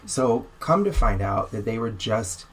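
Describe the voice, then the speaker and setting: Telling a long story on a podcast, this young man keeps it casual and lively, performing the quoted lines of others involved. His fairly low voice comes at a measured pace.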